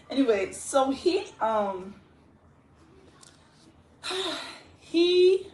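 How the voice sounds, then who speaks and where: A woman casually telling a story on a phone livestream, chatty and animated, laughing often. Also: medium pitch, measured pace. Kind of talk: casual live story time.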